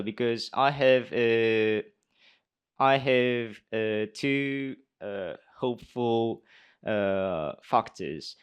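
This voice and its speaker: A young man, a speech contestant answering judges' questions in English off the cuff, pausing often with uh and um and restarting his sentences. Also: on the low side, smooth. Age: young adult. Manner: hesitant, many uh and um fillers, restarts. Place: conference hall.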